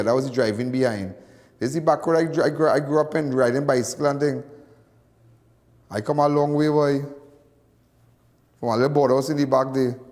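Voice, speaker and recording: A man's voice: on the high side, darkish tone, in a large hall. A man with a Trinidadian accent hosting a live call-in crime talk show, rambling and folksy and repeating himself as he talks. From Trinidad and Tobago.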